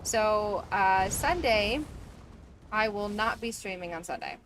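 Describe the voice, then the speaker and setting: A woman's voice: mid-range voice, slow, a bit bright, slight background noise, poor audio. A woman in her thirties streaming a game from home, chatting in a rambling, easygoing way full of fillers. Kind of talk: casual chat while gaming.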